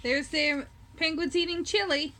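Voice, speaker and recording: A woman reading a picture book to young children, talking slowly and directly to them, recorded on a phone camera. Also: high-pitched, fairly even intonation, sharp tone, a little hiss or hum. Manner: slow, sing-song, speaks directly to young children. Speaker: children's storyteller.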